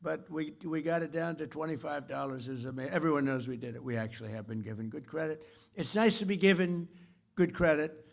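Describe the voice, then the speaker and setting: Gravelly boastful man giving a rambling speech. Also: on the high side, brisk. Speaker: keynote speaker. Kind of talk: political speech. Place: stage of a large theater.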